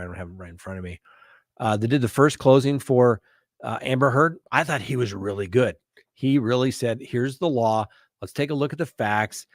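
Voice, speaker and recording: A man's voice: mid-range voice, no room sound, clean studio sound. A middle-aged man hosting a live viewer Q&A, talking emphatically and often checking in with "okay?" and "right?". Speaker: host answering viewer questions. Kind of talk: live Q&A chat.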